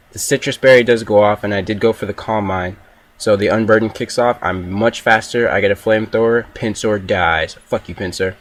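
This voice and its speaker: A young man giving casual, profane play-by-play commentary over his own gameplay video. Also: on the low side.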